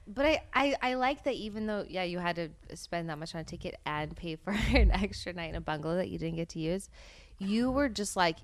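A woman's voice: fairly low pitch, lively intonation, fairly quick, dry recording. A woman co-hosting a podcast in casual chat, teasing her friend and repeating words as she goes. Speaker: podcast co-host.

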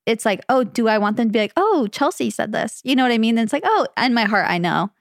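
A woman's voice: fairly high pitch, animated, quick pace, gravelly, no room sound, studio quality. Chatty young woman podcast co-host. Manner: chatty, rambling, self-questioning. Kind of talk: casual chat.

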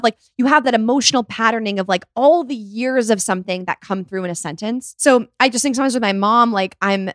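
A woman's voice: on the high side, a little fast, few pauses, dry recording, clean studio sound. A young adult woman hosting a podcast in casual chat, telling stories with lots of acted-out quotes. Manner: animated storyteller who acts out quotes. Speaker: podcast host.

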